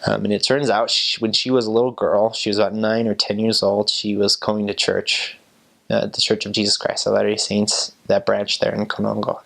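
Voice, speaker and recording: A young American man, a former missionary, telling stories in a relaxed, rambling way. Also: on the low side, brisk, creaky. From United States. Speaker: returned missionary. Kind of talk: casual storytelling.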